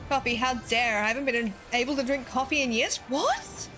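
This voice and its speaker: A woman's voice: sits high, lively intonation, normal speed, a bit bright, faint music behind. A young woman streaming a game, chatting casually, giggling often and reading chat aloud.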